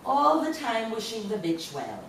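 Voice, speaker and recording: A woman's voice: a little high, wildly swooping pitch, unhurried, a bit bright. A woman from Jamaica with a Jamaican accent, reading her poetry to an audience in a lecture hall and chuckling between lines. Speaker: poet. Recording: very echoey hall, voice from far off, faint room noise.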